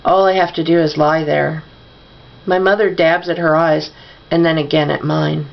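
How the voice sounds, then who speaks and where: A woman's voice: sits low, little pitch movement, normal speed, creaky, highs cut off. A woman reading a novel aloud, giving the dialogue mild shifts of voice. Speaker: audiobook reader.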